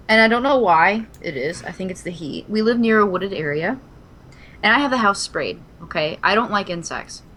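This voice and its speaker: Animated, profane woman telling a story. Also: medium pitch, normal speed, slight background noise. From Kentucky. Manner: animated, swears a lot, dramatic retelling. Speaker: podcast co-host. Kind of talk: casual chat, storytelling.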